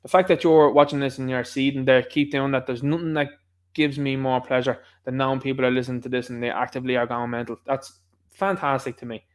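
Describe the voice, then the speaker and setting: A man's voice: mid-range voice, level tone, fast talker. A man with a Dublin Irish accent, hosting his own channel, giving rambling, combative political commentary in an impassioned way. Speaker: channel host.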